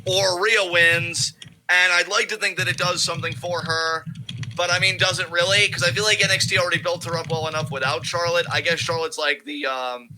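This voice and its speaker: A man's voice: high-pitched, fairly even intonation, fairly quick, noisy background. A man co-hosting a casual wrestling podcast, talking in a profane, rambling, emphatic way. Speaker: podcast co-host.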